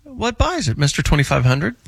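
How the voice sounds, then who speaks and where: A man hosting a call-in radio show, teasing and haggling with a caller in a brash, loud way. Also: a little high, sing-song, fairly quick, vocal fry, slightly rough. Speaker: radio show host, car buyer.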